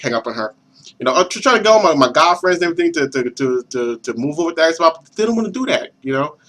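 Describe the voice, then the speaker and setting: A young man ranting excitedly to his viewers as a gaming vlogger, animated and swearing, with lots of stumbling restarts. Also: fairly high pitch, quick pace. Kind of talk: excited rant to camera.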